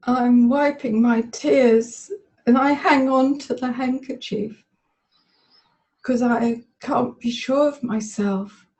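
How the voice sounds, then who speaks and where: A woman with a somewhat high, mellow voice, speaking tearfully and very slowly over a webinar call. She is a volunteer in a therapy demonstration, reliving a memory in the present tense. Her phrasing is halting and stop-start, with frequent pauses. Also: steady tone, rough recording. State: tearful, emotional. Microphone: webinar call audio.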